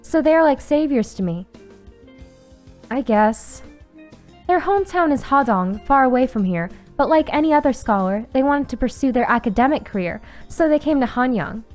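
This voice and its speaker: A young woman reading a visual novel aloud and reacting with sudden excited squeals and swearing. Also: high-pitched, normal speed, soft background music. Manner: reads story text aloud, breaks into excited squeals and swearing. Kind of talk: casual playthrough narration with reactions.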